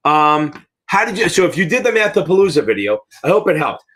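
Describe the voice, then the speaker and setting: A middle-aged American man with a fairly high-pitched voice runs a live exam-prep Q&A. He talks bluntly and rambles, swearing often as he answers questions. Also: very animated, a little fast, fairly bright tone, slightly rough. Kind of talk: live Q&A teaching.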